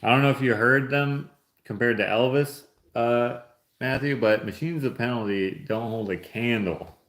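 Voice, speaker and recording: A man's voice: medium pitch, moderate pace, fairly bright tone. A man hosting a casual livestream, reading chat aloud and opening gifts in an easygoing, joking way. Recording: roomy echo.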